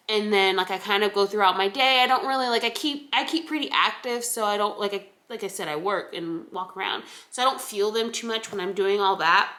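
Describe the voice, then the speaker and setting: A woman's voice: on the low side, bright, forceful tone. A young pregnant woman chatting casually to camera in a rambling way, with lots of fillers and restarts. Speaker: vlogger. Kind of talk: casual chat.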